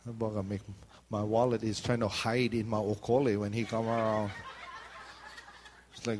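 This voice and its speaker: A man's voice: fairly low pitch, level tone, normal speed, pauses often, a little mellow, slight background noise. A middle-aged man with a Hawaiian Pidgin accent, preaching in a chatty, joking storytelling way. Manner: chatty storytelling, jumps into voices. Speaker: pastor. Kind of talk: joking sermon talk.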